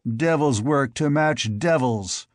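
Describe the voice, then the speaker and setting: A man voicing a fierce, mocking barbarian king in an audiobook, speaking in a rumbling, taunting way. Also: expressive, slow, creaky, a little mellow, dry recording, studio quality, full character voice. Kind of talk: audiobook character voice.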